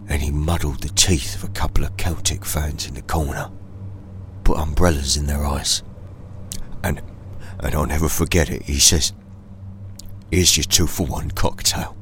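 Deep-voiced deadpan British storyteller man. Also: moderate pace, slight background noise. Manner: deadpan, escalating absurd tall tale, teasing a sidekick. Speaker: comedian. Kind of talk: comic storytelling monologue.

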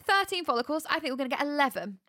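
A woman in her thirties chats casually with a light, slightly high voice. She sounds giggly and open as she explains things. The recording is close and dry, with no room sound. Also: very animated, very fast, pushed and bright, no echo. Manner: chatty, giggly, breaks into song. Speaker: vlogger going through IVF. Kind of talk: casual chat.

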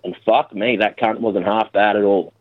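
A man's voice: on the low side, fairly even intonation, normal speed. A man with an Australian accent leaving a crude, boastful call-in message. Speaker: caller. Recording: tinny phone message.

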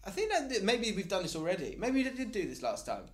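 English male podcast host, teasing, sits a bit high, echoey room. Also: very animated, fast talker. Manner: leads the topics, teasing. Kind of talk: casual chat.

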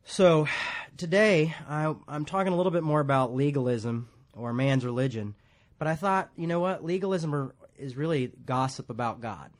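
A man's voice: on the high side, moderate pace, few pauses. A man preaching a casual, rambling sermon in a church, joking at his own expense and laughing often. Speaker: pastor.

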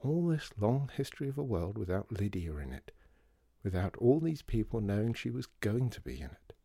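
Low, mellow storyteller. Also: male voice, vocal fry, no room sound, studio quality. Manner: calm, measured storytelling. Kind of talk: scripted story narration.

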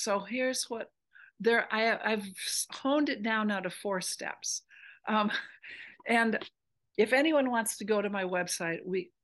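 A woman's voice: mid-range voice, a bit bright. A woman spiritual teacher in an interview, earnestly explaining a meditation practice step by step.

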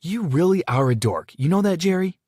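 A woman's voice: low voice, moderate pace, darkish tone, slightly rough, dry recording, studio quality, voice pushed up. A man voicing a stern, bossy teenage girl in a storybook reading. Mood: disgusted.

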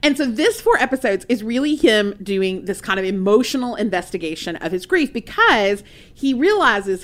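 A woman co-hosting a pop-culture podcast, talking in an emphatic, animated, mock-indignant way. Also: on the high side. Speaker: podcast co-host. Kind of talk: casual pop-culture chat.

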